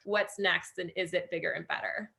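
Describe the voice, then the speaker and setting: A woman's voice: lowish voice, fairly even intonation, normal speed, gravelly, pushed and bright. A woman hosting a casual book club interview, reading out audience questions with plenty of fillers.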